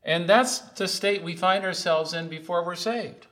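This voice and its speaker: Man, preacher, sermon, bright forceful voice, earnest, emphatic repetition. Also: sits high, unhurried. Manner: earnest, rising to loud emphatic calls and repeated lines.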